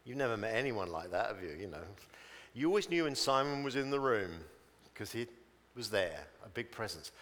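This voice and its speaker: Animated preacher in echoing hall. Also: male voice, fairly low pitch, normal speed. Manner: animated and chatty, acts out stories in voices. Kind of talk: sermon.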